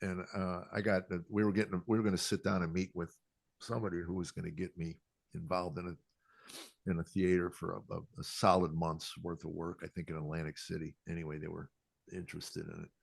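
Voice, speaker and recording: An older comedian, guesting on a podcast, tells self-deprecating stories in a low, level voice that runs fairly quick and creaky. The recording is dry, and he quotes people using acted voices.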